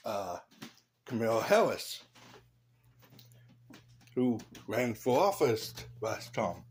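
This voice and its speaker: A man's voice: medium pitch, a little mellow, husky. A man in a casual vlog, rambling through blunt opinions with loose asides. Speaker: vlogger.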